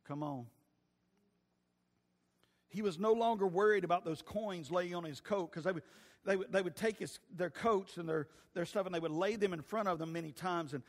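A pastor preaching a sermon, swinging between loud shouting and hushed, quiet moments. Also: male voice, high voice, long reverb tail.

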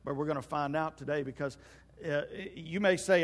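A man's voice: on the high side, fairly even intonation, fast talker. A man preaching a sermon as pastor in a church, folksy and joking as he tells stories. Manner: folksy storytelling with jokes. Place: church sanctuary. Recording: long hall reverb.

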